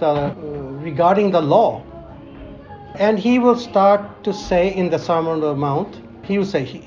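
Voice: mid-range voice, a little slow, a little mellow, muffled recording, soft background music. A Bible teacher speaking informally in a conversation, quoting scripture in old-fashioned wording and speaking English with non-native grammar.

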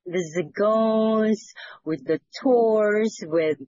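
A woman's voice: mid-range voice, extremely slow, dark tone, no echo, lo-fi sound. A woman leading a fellowship, sharing a personal testimony in an earnest, rambling way that repeats words, over a video call. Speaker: fellowship leader.

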